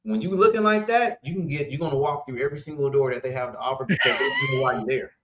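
A guest who owns a trucking company tells stories in a casual interview, speaking fast in a voice on the high side. He is animated, acts out dialogue, and laughs often. The recording sounds roomy and slightly dull.

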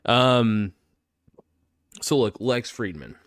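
A man's voice: fairly low pitch, normal speed, long pauses, a bit bright, no room sound, studio quality. A young man hosting his own podcast, rambling through a joking, self-mocking monologue full of fillers. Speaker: podcast host.

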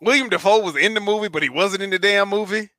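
A man's voice: sits high, fast talker, pushed and bright, no echo. A man co-hosting a podcast in casual chat, talking loosely and profanely. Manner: casual, profane, riffing on movies. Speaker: podcast co-host.

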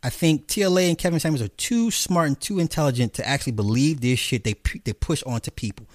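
A man delivering a profane, animated commentary rant, mocking the people he talks about. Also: quick pace, no echo, studio quality. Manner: profane, animated, mocking, jumps into high mimicking voices. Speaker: commentary host. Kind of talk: ranting commentary monologue.

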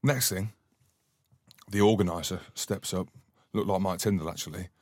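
A Scottish man co-hosting a podcast, swearing freely while telling a lively anecdote. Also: low-pitched, moderate pace, no room sound. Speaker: podcast co-host, former rugby player. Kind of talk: casual storytelling chat.

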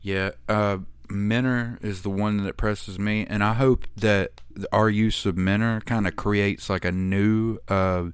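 A man hosting a casual sports podcast, talking in a relaxed, rambling way with plenty of fillers. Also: lowish voice, a little slow, hardly any pauses, clear, resonant tone, dry recording, studio quality. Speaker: podcast host.

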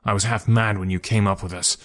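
A bitter, defiant middle-aged ex-convict, read by a man. He speaks with raw passion in a low, steady voice, as in a storybook reading. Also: fast talker, close to an everyday voice.

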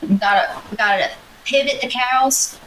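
A young woman co-hosting a podcast in casual chat, a lively storyteller who jumps up in pitch when excited. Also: normal speed. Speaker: podcast co-host. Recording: slightly distant mic, faint noise.

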